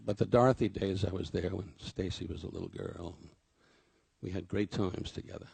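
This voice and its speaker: Gravelly older man telling rambling stories. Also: sits low, fairly even intonation, moderate pace, a little mellow, no room sound. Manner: rambling anecdotal storytelling, self-deprecating. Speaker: comedian giving a tribute. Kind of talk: memorial tribute speech.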